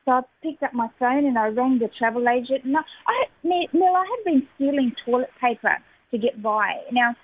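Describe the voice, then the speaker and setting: A woman, a radio guest giving an emotional personal testimony, halting and full of fillers. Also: sits high, expressive. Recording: phone-line audio.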